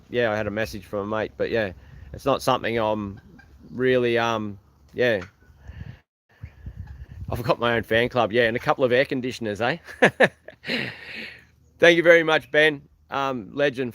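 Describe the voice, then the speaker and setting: A man's voice: mid-range voice, fairly bright tone. An Australian man chatting casually on a livestream outdoors, rambling and thanking viewers by name. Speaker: livestream host. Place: outdoors beside an old truck.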